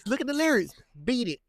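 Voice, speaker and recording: A man co-hosting a podcast in loose, laughing banter, reading song lyrics aloud flatly. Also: very high-pitched, no echo. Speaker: podcast co-host. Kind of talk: casual chat.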